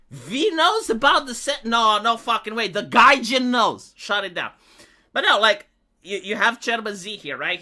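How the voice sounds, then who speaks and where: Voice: medium pitch, sharp tone. A live streamer from Romania, ranting in sarcastic, heated and profane commentary.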